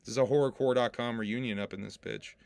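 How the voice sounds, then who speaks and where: A man's voice: medium pitch, steady tone, fast talker, creaky, a little mellow, no room sound. Laughing, swearing male livestream host. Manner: laughs often, swears freely, loose and joking. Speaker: podcast host and rapper. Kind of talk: casual livestream chat.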